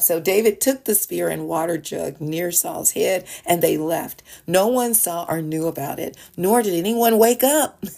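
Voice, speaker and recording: Lady reading bible verses then chatting about them, kinda low and gravelly, laughs a bit here and there. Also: a little mellow. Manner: reads scripture aloud, then explains it in a chatty way with small laughs. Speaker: devotional podcast host. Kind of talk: casual Bible teaching. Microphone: podcast voice message recording.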